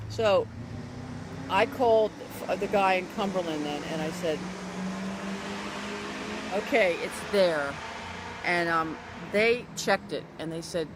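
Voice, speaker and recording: Woman telling a story, quick restarts. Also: fairly low pitch, noisy background. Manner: animated, acts out other people's quoted lines; frequent restarts and self-corrections. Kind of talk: casual spoken anecdote.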